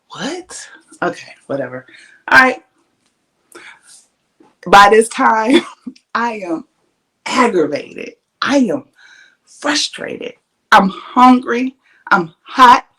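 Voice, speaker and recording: A woman podcast host telling a story in a casual, lively way. She swears freely and breaks into laughs often. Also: medium pitch, a little slow, long pauses. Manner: animated, profane, laughs often.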